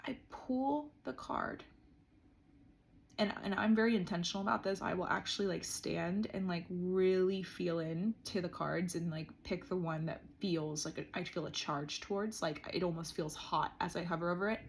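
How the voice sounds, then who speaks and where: A woman's voice: on the low side, fairly even intonation, fairly quick, gravelly, few pauses, slight background noise. A woman vlogger sitting on the floor and talking through her thoughts in a reflective diary monologue. She is earnest and says "like" often. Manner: earnest, frequent "like" fillers. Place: indoors, seated on the floor.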